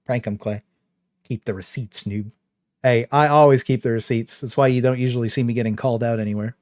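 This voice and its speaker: A man's voice: medium pitch, steady tone, fairly quick, a little mellow, dry recording, studio quality. A young man casually chatting on his game livestream, rambling with lots of fillers and a trolling swagger. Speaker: game streamer.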